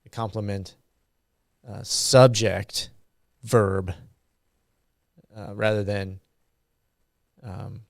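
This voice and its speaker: A man giving a university grammar lecture, slow and halting with frequent ums and uhs. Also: lowish voice, fairly even intonation, creaky, no echo, studio quality.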